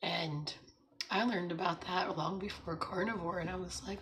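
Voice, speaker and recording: A woman hosts a relaxed morning livestream with a hoarse, raspy voice. Her pitch sits a little low. She chats loosely, laughs a lot and greets viewers by name as they come in. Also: normal speed, slight background noise. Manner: chatty, laughs often, greets viewers and reads out chat. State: hoarse from laryngitis. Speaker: livestream host. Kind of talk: casual morning livestream chat. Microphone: streaming setup.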